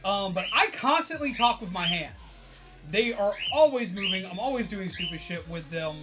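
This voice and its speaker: A man streaming to his viewers in casual chat, excitable and tired, swearing and laughing often as he rambles. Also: sits high, normal speed, over music.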